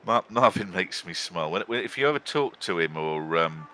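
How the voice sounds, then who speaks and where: Bright, low-voiced joking man. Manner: chatty, joking and teasing. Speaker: co-commentator. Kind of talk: casual game commentary.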